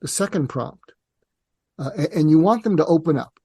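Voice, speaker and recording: An older man speaks as a psychiatrist guest, explaining patiently and steadily. His voice is mellow and relaxed. The recording is dry and close. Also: on the high side, slightly rough, no echo. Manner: calm, measured, acts out parent and teen dialogue. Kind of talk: conversational interview explanation.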